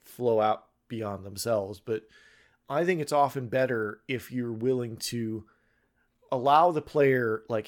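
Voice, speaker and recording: A man who runs tabletop games, chatting casually on a podcast and often stopping to restart his thoughts. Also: medium pitch. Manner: halting, full of restarts. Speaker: tabletop game master.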